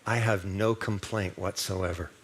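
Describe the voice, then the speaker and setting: A preacher voicing a gentle, calm nun. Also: male voice, low-pitched, a little slow, a little hiss or hum. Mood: compassionate. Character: compassionate enlightened female Buddhist nun, calm.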